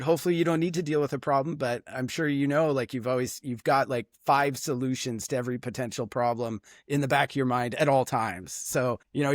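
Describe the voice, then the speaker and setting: A Canadian man recounting travel anecdotes in a relaxed, chatty way, full of "like" and "you know." His voice sits at a middle pitch and sounds dry and close, with no room around it. He gets lively when he quotes people. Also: no room sound. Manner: animated, chatty, lots of fillers. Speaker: guest, former tour leader. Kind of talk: casual interview storytelling.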